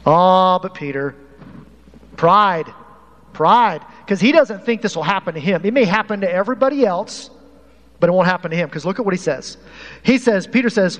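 A man preaching a lively sermon to his congregation as pastor, animated and talking straight to the people in the pews. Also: high voice, normal speed. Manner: animated, uses props, talks to the congregation. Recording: hall reverb, faint room noise.

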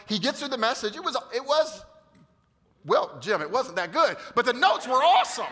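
A male pastor telling a funny story in a sermon, animated and jokey, acting out the quotes. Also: sits high, a little hiss or hum. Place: church auditorium.

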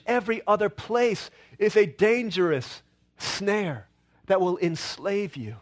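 A middle-aged male pastor preaching a sermon, telling stories with playful quoted voices and asides. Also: high-pitched.

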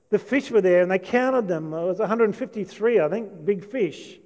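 Male preacher, high-pitched, eager storyteller, with long reverb from a big hall. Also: moderate pace, darkish tone. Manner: enthusiastic, storytelling with asides and quoted lines. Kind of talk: sermon.

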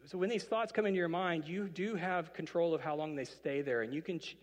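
A man's voice: fairly high pitch, a little fast, few pauses. A man preaching a conversational sermon, with playful asides and quoted voices he acts out. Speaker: pastor. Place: church auditorium. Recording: reverberant hall.

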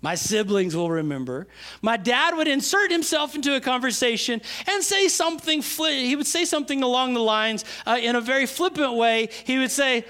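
A man preaching a sermon, stressing key phrases with slow, drawn-out words and swinging from loud to hushed. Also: very high-pitched, animated. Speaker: pastor.

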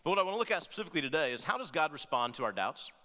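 A man preaching with a fairly high, bright, forceful voice. He keeps it conversational, tossing in quick "right?" check-ins and playful asides. His voice rings out with the long reverb of a large hall. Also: sing-song. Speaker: pastor. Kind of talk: sermon.

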